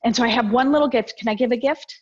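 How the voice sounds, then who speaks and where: A woman's voice: on the high side, quick pace, husky. A middle-aged woman giving a motivational talk on a video call, telling personal stories and acting out the exchanges she quotes. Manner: lively storyteller, acts out quoted exchanges. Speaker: guest speaker. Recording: dull lo-fi video call audio.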